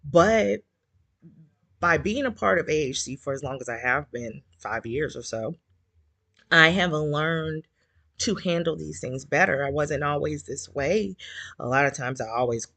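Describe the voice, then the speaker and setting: This community group host talks with her listeners in a relaxed, heartfelt way, a little tearful and leaning on lots of filler words. She has a low-pitched, creaky, somewhat bright voice that's expressive and unhurried, recorded without echo.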